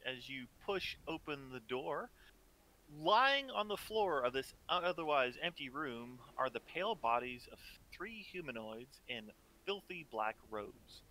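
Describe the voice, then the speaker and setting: A man's voice: a little high, pushed and bright. A man narrating as dungeon master of a tabletop game, describing scenes and running combat.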